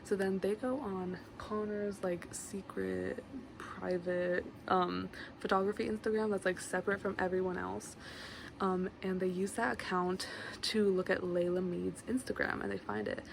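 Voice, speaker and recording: Young woman rambling thru a book recap, lots of "like", kinda gravelly voice, fan humming loud behind her. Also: mid-range voice, flat delivery, normal speed. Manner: rambling, lots of "like" fillers, chatty asides. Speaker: book vlogger. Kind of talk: casual book summary to camera. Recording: noisy room with a fan running.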